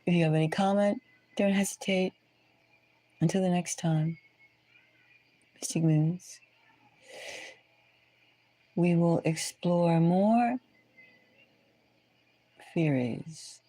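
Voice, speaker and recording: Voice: mid-range voice, mellow, rough recording. Wry tarot reader with whispered asides. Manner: halting, restarts words often. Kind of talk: casual tarot reading commentary.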